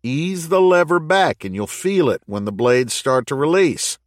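A man's voice: on the high side, very animated, unhurried, no echo, studio quality, pitched above the performer's own voice. A man voicing a teasing male shift boss on an audiobook, raising his voice. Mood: instructive.

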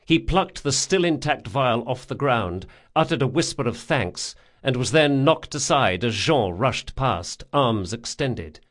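Male audiobook narrator, scripted, lively animated pitch. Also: a little slow, hardly any pauses.

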